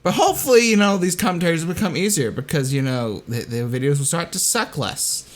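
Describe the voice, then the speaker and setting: Young man, casual commentary host, self-mocking, rambling, animated pitch. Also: quick pace. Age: young adult.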